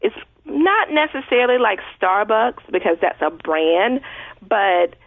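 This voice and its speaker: A woman's voice: mid-range voice, big pitch swings, a little slow, no room sound. A woman guest talking in a chatty way with many fillers on a casual radio interview. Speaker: guest blogger. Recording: dry tinny phone-like line.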